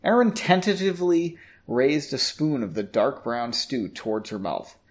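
Reading a fantasy tale casually, this man speaks at normal speed with a medium pitch and lively intonation. He fixes his stumbles along the way and mocks the awkward prose.

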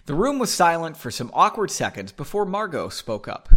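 A man's voice: a little high, very animated, moderate pace, hardly any pauses, fairly bright tone. A man reading a story aloud casually, breaking off into playful, self-mocking asides. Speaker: story reader.

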